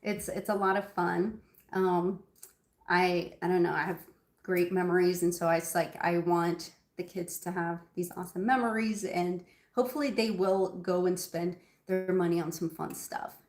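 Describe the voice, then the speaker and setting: A woman's voice: fairly low pitch, fairly even intonation, normal speed, reverberant. A woman hosting a casual cooking livestream from her home kitchen, chatting with viewers in a rambling way with lots of ums. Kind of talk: casual live cooking chat.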